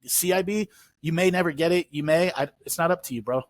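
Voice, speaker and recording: A man who is a podcast guest and former soldier, telling stories in quick casual chat, often laughing. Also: on the high side, no echo.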